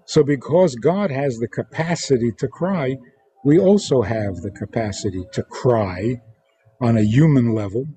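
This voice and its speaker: A man who is a religious teacher, answering interview questions in a deliberate way and acting out quoted lines in different tones. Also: medium pitch, mellow. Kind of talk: interview guest explaining teachings.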